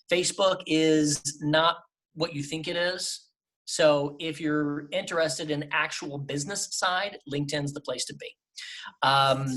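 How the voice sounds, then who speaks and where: A middle-aged man, a voice actor, giving emphatic, lively advice in a casual interview over a travel microphone. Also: on the high side. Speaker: voice actor guest. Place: temporary remote setup away from home.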